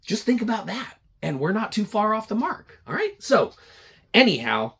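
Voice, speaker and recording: Gravelly, animated podcast ranter. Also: mid-range voice, moderate pace. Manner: rambling, crude, sarcastic storytelling. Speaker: podcast host. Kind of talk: profane comedic rant.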